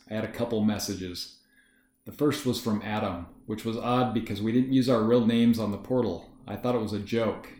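A man giving first-person story narration in a measured, matter-of-fact way. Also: on the low side, a little mellow. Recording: roomy echo.

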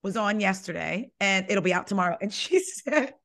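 Animated young woman podcast host. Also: mid-range voice, normal speed, gravelly. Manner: animated, emphatic, says "like" a lot. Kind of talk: casual pop-culture gossip chat.

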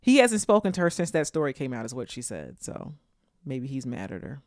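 A lively podcast co-host in casual political chat, joking around and breaking into laughter often. The voice sits at a middling pitch and sounds close and dry, with no room echo. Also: brisk. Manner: jokey and animated, laughs often.

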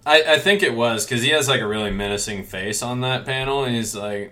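A man co-hosts a loose podcast conversation. His mid-pitched voice is bright and forward. He wanders through his thoughts, restarting sentences and swearing casually. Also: fairly quick, hardly any pauses. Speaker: podcast co-host. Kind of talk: casual chat about a manga.

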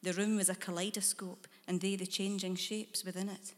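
A woman narrating a dark short story in a measured, hushed storytelling manner. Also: mid-range voice, level tone, long reverb tail.

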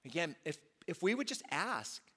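A man's voice: a little high, big pitch swings, moderate pace, sharp tone, husky. A male pastor preaching a sermon in a conversational way, often saying "you know", in a large church auditorium. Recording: long reverb of a large hall.

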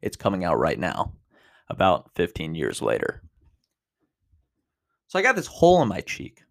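A man in his twenties hosting a podcast, telling a personal story in a casual, animated way, with big jumps in pitch and loudness. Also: moderate pace, gravelly. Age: 20s. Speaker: podcast host.

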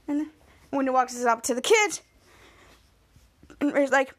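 A woman's voice: high-pitched, lively intonation, unhurried, pauses often. A woman podcast host rambling through a casual recap of a TV episode, restarting often.

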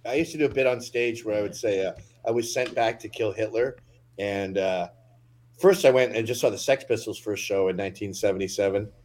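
A man's voice: on the low side, a little fast, a little mellow. A man telling a long comedic story as a podcast guest, rambling and profane. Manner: rambling anecdotal delivery, profane.

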